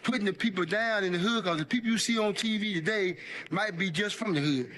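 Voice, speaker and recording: A man's voice: sits high, fairly quick, fairly bright tone. A man speaking earnestly about his neighborhood. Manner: earnest, speech-like.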